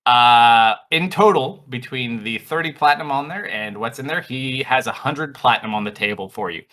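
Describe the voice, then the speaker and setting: A game master narrating a tabletop game in a casual, relaxed way. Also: medium pitch, moderate pace.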